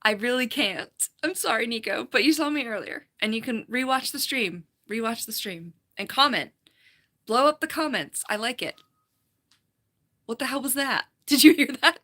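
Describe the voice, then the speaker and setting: Animated and at a moderate pace, a falconer streaming from home speaks in a high-ish, bright, forceful voice with wear and slight fry. She rambles, giggles often and reads her chat aloud over a computer mic.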